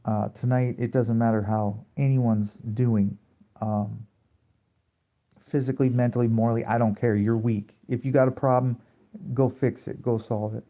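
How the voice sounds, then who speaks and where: A man's voice: medium pitch, fairly even intonation, moderate pace, dark tone. A man ranting on a late-night livestream, confrontational and preachy, firing off rhetorical questions and swearing freely. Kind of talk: late-night rant to a live audience. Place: at home at night.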